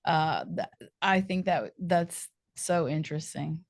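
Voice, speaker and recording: A woman hosting a podcast, chatty and animated, laughing often as she talks. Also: low-pitched, slow pace, dry recording, clean studio sound. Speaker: podcast host. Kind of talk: podcast interview.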